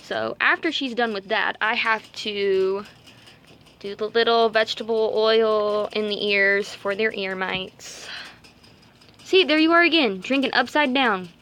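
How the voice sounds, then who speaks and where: A woman's voice: fairly high pitch, measured pace, fairly bright tone. Chatty woman vlogging with her rabbits. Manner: chatty and rambling, cooing baby talk to her rabbits. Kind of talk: casual vlog chat while caring for pet rabbits.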